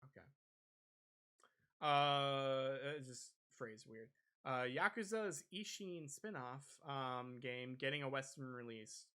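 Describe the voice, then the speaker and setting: A man's voice: medium pitch, expressive, slow, pushed and bright, clear, resonant tone. A man co-hosting a gaming podcast, chatting casually with lots of fillers and restarts. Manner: rambling, many fillers and restarts. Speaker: podcast co-host. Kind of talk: casual chat.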